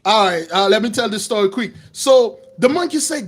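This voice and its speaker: Casting: excitable male preacher telling a fable, very high voice, shouting bursts. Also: a little fast, few pauses. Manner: simple non-standard English grammar. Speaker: preacher and storyteller. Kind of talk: animated moral storytelling.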